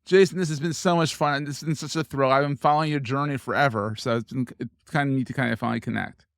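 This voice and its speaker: A man's voice: mid-range voice, fairly even intonation, fast talker, gravelly, dry recording, clean studio sound. A man hosting a podcast interview, casual and enthusiastic, full of praise for his guest. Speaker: podcast host.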